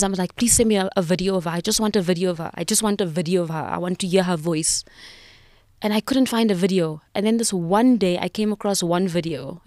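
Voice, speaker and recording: A South African woman in her thirties with a lowish voice speaks as a podcast guest. She recounts a personal story with emotion and reflection, often restarting her sentences. The sound is dry and close to the mic. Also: darkish tone, dry recording.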